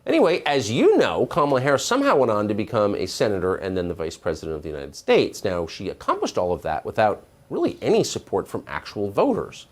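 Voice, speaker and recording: A man's voice: on the low side, huge pitch swings, fast talker, few pauses. A man hosting a cable news segment, delivering a sardonic, incredulous monologue. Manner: sardonic, incredulous, swooping emphasis. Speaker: TV news host.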